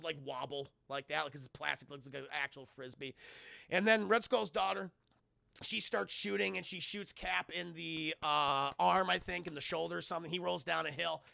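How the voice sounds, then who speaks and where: Guy ranting thru a movie review for his stream chat, swears a lot, high bright voice, super gravelly. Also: moderate pace, no echo. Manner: animated, profane, laughs often. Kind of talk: casual spoiler review chat.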